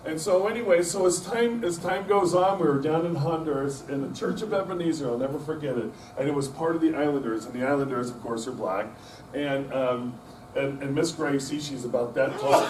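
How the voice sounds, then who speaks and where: A middle-aged man with a slightly raised voice tells folksy, rambling stories full of self-deprecating jokes. He is picked up from across a club meeting room, so his voice sounds roomy and distant, with a faint hum of room noise behind him. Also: a little high. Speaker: guest speaker. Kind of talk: anecdotal storytelling talk.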